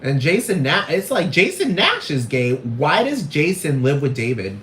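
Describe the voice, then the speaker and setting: Brash gossipy young woman, played by a man, rambling profane rant, slightly high, roomy echo. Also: huge pitch swings, normal speed, a bit bright, a little hiss or hum. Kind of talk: comedic character monologue.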